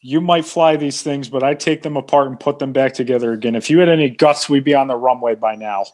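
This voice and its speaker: Man reading boastful gruff plane mechanic, taunting, mid-pitched, plain read. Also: fast talker, darkish tone, close to an everyday voice. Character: gruff cocky male airline mechanic. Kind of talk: reading a film scene aloud.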